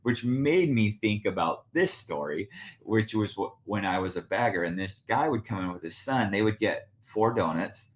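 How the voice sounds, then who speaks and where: A man's voice: on the low side, normal speed. A man hosting a podcast, telling a casual story with lots of laughing and acted-out quotes. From United States. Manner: animated, laughing, acts out quoted voices. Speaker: podcast host. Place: Spokane, Washington.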